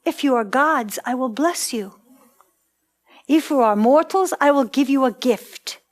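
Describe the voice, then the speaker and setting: A woman's voice: high-pitched, a little slow, pitched above the performer's own voice. A woman voicing the pained, proud queen of the underworld, speaking with regal command in a ritual storytelling performance.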